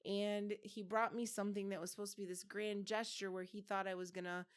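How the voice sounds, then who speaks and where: A woman's voice: medium pitch, little pitch movement, fairly quick, clear, resonant tone. Rambling storytelling woman in her fifties. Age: 50s. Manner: rambling anecdote with many restarts and fillers. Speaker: podcast co-host. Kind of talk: casual chat, storytelling.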